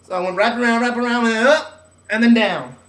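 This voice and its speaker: A man's voice: very high voice, fairly quick. A young man telling a personal story in a casual way, acting out what others said in their voices. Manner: animated, acts out voices of others. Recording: echoey room, mic at a distance.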